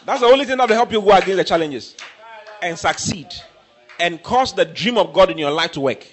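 A man preaching a sermon, emphatic and repetitive, breaking into shouts. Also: sits high, animated, fairly quick.

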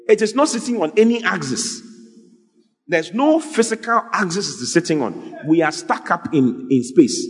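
A man preaching an animated, lively sermon as a pastor, joking with his congregation. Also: high-pitched. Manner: animated, exclaiming, jokes with the congregation. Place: church hall. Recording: long hall reverb, faint music.

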